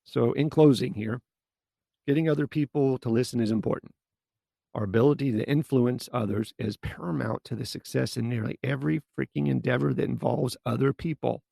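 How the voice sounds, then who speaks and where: Gravelly-voiced blunt podcast coach. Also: male voice, mid-range voice, a little fast, mellow, dry recording. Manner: blunt, casual, mild swearing. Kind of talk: solo podcast advice talk.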